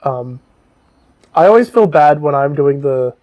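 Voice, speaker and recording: A man's voice: on the high side, animated, measured pace, a little mellow. A man co-hosting a casual podcast, loosely retelling a book's plot with lots of ums and swearing. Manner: loose and rambling, frequent ums and profanity. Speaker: podcast co-host.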